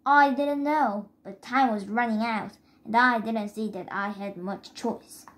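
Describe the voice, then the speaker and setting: A woman reading a children's chapter book aloud in careful, steady first-person narration. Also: on the high side, a little slow. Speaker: reader.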